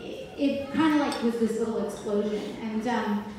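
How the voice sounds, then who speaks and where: A woman's voice: fairly high pitch, normal speed. A young woman from the Bronx talking casually to a crowd at a rally, chatty and full of "like" and restarts. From Bronx, New York, USA. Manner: chatty, heavy use of "like", frequent restarts, laughs easily. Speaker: political candidate speaking at a rally. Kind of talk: casual off-the-cuff speech. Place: indoor event space with a crowd. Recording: echoey hall from far off, loud crowd noise.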